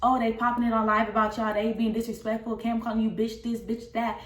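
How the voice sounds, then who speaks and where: Fed-up young woman venting, slightly high. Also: a little fast, a little hiss or hum. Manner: candid, profane, animated retelling of a dispute. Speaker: vlogger. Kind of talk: casual storytime vlog. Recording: roomy echo.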